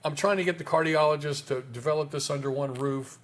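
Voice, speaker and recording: A man's voice: fairly high pitch, fairly even intonation, a little fast. A man in an interview talking casually about health research, emphatic, with rhetorical questions and frequent restarts.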